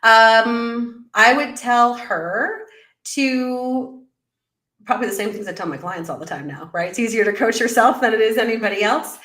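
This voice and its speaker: A middle-aged woman, a business coach guest in an interview, telling her story in an animated way and acting out her own past remarks. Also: a little high, moderate pace, reverberant. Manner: animated storyteller, quotes herself in lively voices. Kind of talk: conversational interview.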